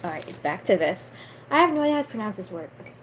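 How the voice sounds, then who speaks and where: A woman's voice: medium pitch, big pitch swings, fast, a little hiss or hum, rough recording. A twenty-year-old woman chatting casually on a live stream and reading a book aloud, full of fillers and stumbling over unfamiliar words.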